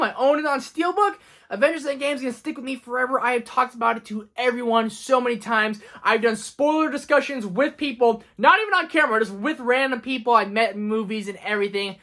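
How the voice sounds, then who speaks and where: A man's voice: very high voice, pushed and bright. A young man counting down his favorite films in a casual vlog, gushing and emphatic. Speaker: film reviewer.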